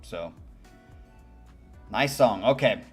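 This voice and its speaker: A man's voice: lowish voice, lively intonation, drawn-out words, husky. Candid man reacting to music. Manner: candid, musing, casually profane. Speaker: music reaction channel host. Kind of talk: casual music reaction commentary.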